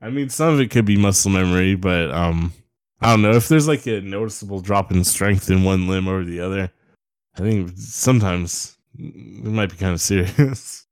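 A man co-hosting a podcast in loose, casual chat, trading deadpan jokes. His voice sits low and sounds smooth and resonant. The close mic leaves it dry, with no room sound. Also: moderate pace, dry recording. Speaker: podcast co-host.

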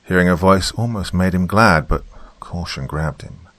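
A man's voice: deep voice, moderate pace, a bit bright, no echo. A man narrating a scripted horror story with dramatic delivery, dropping to a whisper for tense moments.

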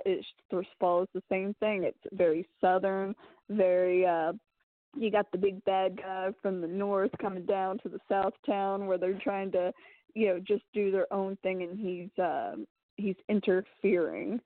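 A woman chatting casually about a film, retelling scenes in an animated, rambling way with lots of filler words. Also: mid-range voice, a little slow, no echo. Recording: tinny phone-like sound.

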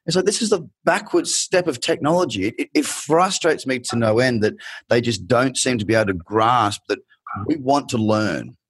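A man's voice: mid-range voice, animated, moderate pace, breathy edge, dry recording. A man hosting an interview, talking animatedly and acting out the people he quotes. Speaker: podcast host. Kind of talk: conversational interview.

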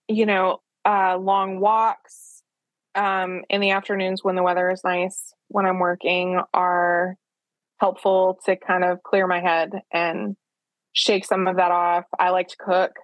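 A woman author being interviewed, speaking frankly and self-deprecatingly with quick asides. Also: on the low side, level tone, no room sound. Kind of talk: candid conversational storytelling.

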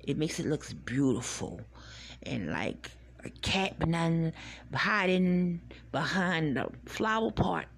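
This podcast host has a deep, slightly rough voice that stays animated even though she takes her time. Her talk is a relaxed, meandering storytelling monologue about growing up, full of laughter and the odd curse word.

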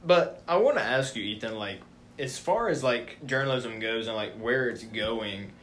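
A man's voice: mid-range voice, lively intonation, moderate pace, a bit bright, a little hiss or hum. A young man co-hosting a casual podcast, chatty and rambling, with frequent fillers as he talks. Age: young adult. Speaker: podcast co-host.

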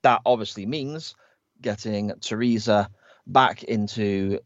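A man's voice: fairly low pitch, takes it slowly, no room sound. A man co-hosting a podcast, recapping a TV episode's plot step by step in an easygoing, agreeable way, on a slightly dull recording. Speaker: podcast co-host. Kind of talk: casual chat recapping a TV episode.

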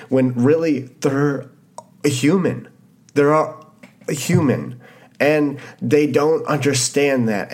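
Young male podcast host, early 20s, Canadian-raised, fired-up motivational talker who repeats himself for emphasis and swears casually. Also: medium pitch. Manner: impassioned, repetitive, swears casually. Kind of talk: motivational monologue.

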